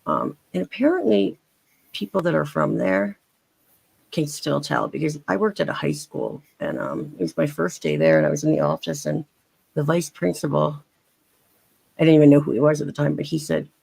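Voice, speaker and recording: A woman's voice: deep voice, lively intonation, moderate pace, creaky, darkish tone, breathy edge, dry recording, low-quality recording. A woman with a faint Philadelphia accent, chatting as a panelist in a rambling, chatty way with many restarts. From Philadelphia area. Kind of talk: casual chat.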